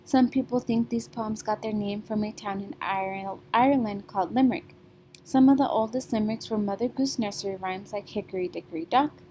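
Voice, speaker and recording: Patient woman teacher, mellow voice. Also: medium pitch, a little fast, a little hiss or hum. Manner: patient, sing-song classroom delivery with frequent "okay?" checks. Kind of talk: recorded remote reading lesson.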